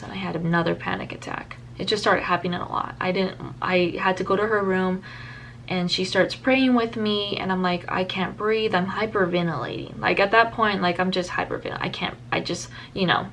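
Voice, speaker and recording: A woman's voice: mid-range voice, fairly bright tone, a little hiss or hum. A young woman vlogger telling a personal story in a candid, rambling way, full of fillers and restarts.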